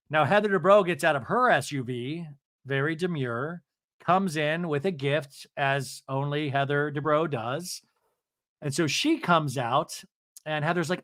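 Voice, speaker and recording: A man's voice: a little high, moderate pace, fairly bright tone, no room sound, clean studio sound. A man hosting a podcast, chatting casually through a recap with playful asides. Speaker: podcast host.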